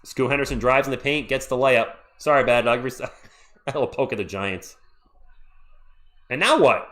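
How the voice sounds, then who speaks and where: A man hosting a live play-by-play stream, calling the action and chatting with viewers in an excitable, jokey way. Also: medium pitch, normal speed. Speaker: livestream play-by-play host. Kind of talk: live play-by-play with chat reactions.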